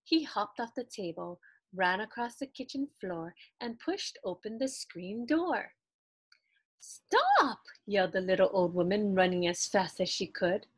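A woman reading a children's picture book aloud in an expressive, animated storytelling way. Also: mid-range voice, unhurried, breathy edge, no room sound.

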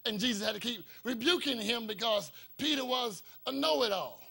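High gravelly-voiced preacher telling a story. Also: male voice, expressive, brisk. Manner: storytelling preacher acting out dialogue, swings from quiet to shouting. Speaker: pastor. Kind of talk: sermon. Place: church sanctuary.

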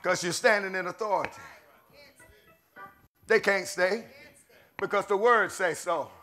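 A middle-aged man preaching a sermon, swinging between shouted declarations and low murmured asides. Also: a little slow, faint music behind.

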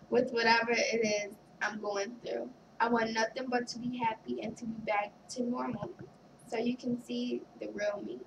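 Young woman, personal vlog storytelling, gravelly fry, set back from the mic. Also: fairly high pitch, recorded from a distance, background noise. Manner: candid, halting, reads a card aloud. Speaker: vlogger.

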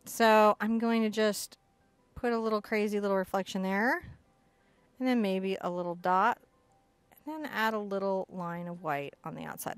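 A woman teaching an acrylic painting lesson, chatty and excitable, often bursting into giggly enthusiasm. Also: mid-range voice, moderate pace, clear, resonant tone, no room sound. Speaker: art instructor.

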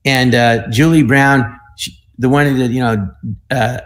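A man in his sixties telling show-business stories in a rambling, animated way, slipping into voices, heard over a video call. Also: mid-range voice, unhurried. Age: 60s. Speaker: guest comedian. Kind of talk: anecdotal storytelling.

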